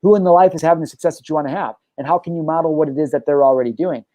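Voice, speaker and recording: A young adult man talks at a rapid clip in a warm, mellow voice, pressing his points hard and swearing freely as he tells his story. The sound is dry and close. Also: on the high side, no room sound. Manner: emphatic and profane, telling personal stories. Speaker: show host and life coach. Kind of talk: casual podcast conversation.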